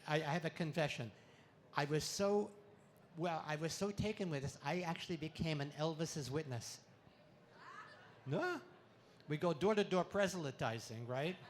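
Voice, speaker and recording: A man doing stand-up comedy on an expo stage, delivering puns in a playful way with sudden loud swells. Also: fairly high pitch, normal speed, a little hiss or hum. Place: expo stage before a live audience.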